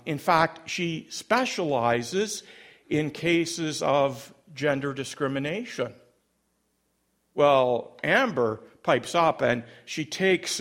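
A man preaching as a pastor, telling a story in an animated way and acting out voices. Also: medium pitch, vocal fry. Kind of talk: sermon storytelling.

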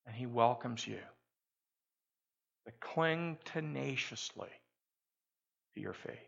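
A male pastor with a medium-pitched, expressive, creaky voice preaches slowly with long pauses, captured in a dull lo-fi sermon recording. He tells a story emphatically, building to moments where he has the congregation repeat his words before he prays.

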